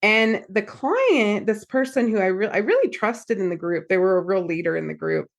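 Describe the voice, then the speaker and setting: A woman's voice: medium pitch, moderate pace, vocal fry. A woman therapist and podcast host, telling a story in casual chat and acting out the quotes as she goes. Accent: American. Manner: animated storyteller, acts out quotes.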